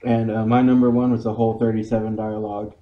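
A man co-hosting a casual podcast, relaxed as he introduces contestants. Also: fairly low pitch, fast, narrow, tinny audio. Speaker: podcast co-host. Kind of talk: casual chat.

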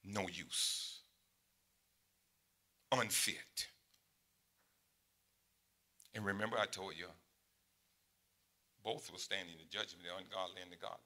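A pastor in his sixties preaching a sermon in a conversational way, dropping to quiet asides and rising to loud, high exclamations. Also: steady tone, slow, long pauses. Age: 60s.

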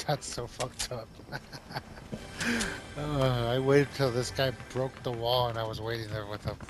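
A man streaming a shooter game in casual chat, excitable, yelping and swearing when surprised. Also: medium pitch, measured pace. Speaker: gaming streamer. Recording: noisy game audio behind voice.

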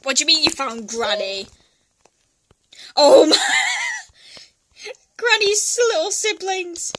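Giggly high-voiced young woman gaming. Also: wildly swooping pitch, slow pace, a bit bright, a little hiss or hum. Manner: giggly, laughs often. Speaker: host. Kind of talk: casual gameplay chat.

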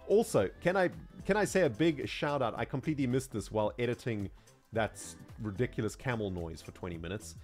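A South African man streaming gameplay, chatting casually in an animated, slangy way and laughing often. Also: medium pitch. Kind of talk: casual gameplay livestream chat.

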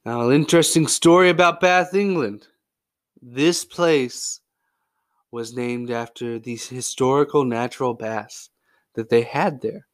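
A man's voice: mid-range voice, a little slow. A man hosting a sports history podcast, telling stories in a joking, goofy way. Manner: joking, goofy, lively storytelling. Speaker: podcast host. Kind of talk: casual podcast narration.

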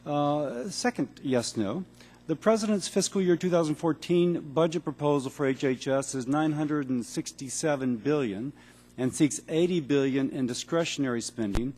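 Brisk man firing off hearing questions. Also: a little high, a little mellow. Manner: brisk, auctioneer-like, blunt yes-or-no questioning. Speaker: congressman and physician questioning a witness. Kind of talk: rapid-fire hearing questions. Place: large hearing room.

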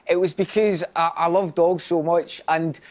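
A young Scottish comedian as a chat show guest, telling quick, self-deprecating stories and laughing often. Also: male voice, fairly high pitch, fairly even intonation. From Scotland. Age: young adult.

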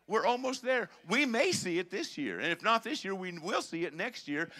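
A male pastor preaching a sermon, emphatic and conversational, with swings between quiet and intense. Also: high-pitched, very animated, moderate pace.

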